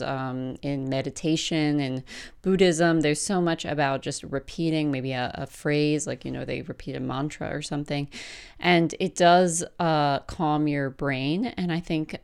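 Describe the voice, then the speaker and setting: A woman in her thirties hosts her podcast from home in a relaxed, chatty manner. Her voice sits low and sounds smooth and clear. She drifts along with fillers and small laughs. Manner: chatty, warm-hearted, with soft laughs and fillers. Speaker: podcast host. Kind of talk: casual chat.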